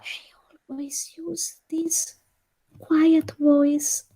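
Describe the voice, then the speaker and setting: A woman chatting casually as a podcast co-host, speaking in a deliberate, wry way. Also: sits high. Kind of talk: casual chat.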